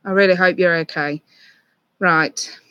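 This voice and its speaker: Tarot reader, live stream, gentle reassuring tone, lots of ums and restarts, home webcam sound. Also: medium pitch, steady tone, a little slow, clear, resonant tone, dry recording.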